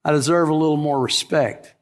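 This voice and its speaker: A male pastor preaching a lively sermon, asking the congregation questions and joking with them. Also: a little high, brisk. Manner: animated preaching with rhetorical questions and asides to the congregation. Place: church sanctuary. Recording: live in a church with long reverb.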